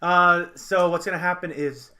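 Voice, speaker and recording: A game master narrating a tabletop horror game, pausing and restarting mid-sentence as scenes are described. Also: medium pitch, steady tone, pushed and bright.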